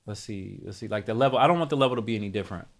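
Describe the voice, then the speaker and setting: Low-voiced man thinking aloud on stream. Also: very fast, creaky. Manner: casual, thinking aloud, self-correcting, talks to chat. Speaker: music production streamer. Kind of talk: live tutorial chat.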